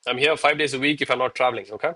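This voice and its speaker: A man in his thirties talking live to his viewers in a loose, chatty way, often calling them bro. His voice is bright and forceful, and he is a little winded from push-ups. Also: mid-range voice, fairly even intonation, racing. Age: 30s. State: out of breath between push-ups. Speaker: live trading streamer. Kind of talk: live-stream commentary and chat.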